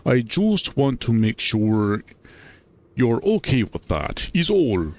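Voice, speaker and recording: A man's voice: medium pitch, sing-song, slow pace, darkish tone. A man voicing a playful, reckless young male furry character while reading a visual novel aloud, in an eager, slightly raised voice. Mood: earnest.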